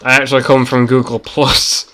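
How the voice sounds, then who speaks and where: A man's voice: medium pitch, little pitch movement, normal speed, sharp tone. A man streaming a game and chatting casually with friends, rambling and swearing as he talks. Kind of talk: casual gaming chat.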